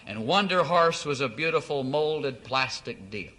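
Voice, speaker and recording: A company founder giving a motivational business speech to distributors, telling folksy stories and acting out the dialogue. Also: male voice, medium pitch, animated, a little slow, pushed and bright. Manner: folksy storyteller, acts out quoted dialogue.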